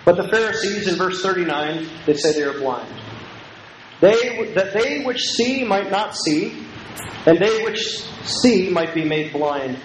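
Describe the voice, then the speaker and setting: A man's voice: high voice, expressive, a little slow. A man preaching an emphatic, repetitive Bible lecture and leading call-and-response with his listeners. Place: lecture hall. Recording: echoey room with faint noise.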